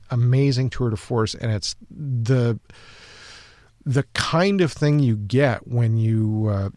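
A man's voice: medium pitch, darkish tone, no room sound. A man talking enthusiastically in a casual podcast chat, fluent apart from a few fillers.

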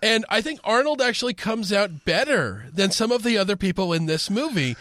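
A man co-hosting a casual podcast chat, animated and joking, acting out quoted lines. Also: sits high, brisk, no echo. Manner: animated, acts out quoted lines in funny voices. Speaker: podcast co-host.

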